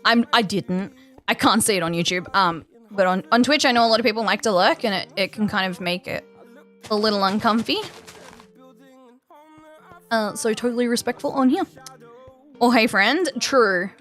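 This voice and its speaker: A woman's voice: mid-range voice, moderate pace, pauses often, a bit bright, faint music behind. An Australian woman streamer chatting casually with her live viewers, rambling with plenty of fillers and restarts. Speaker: game streamer.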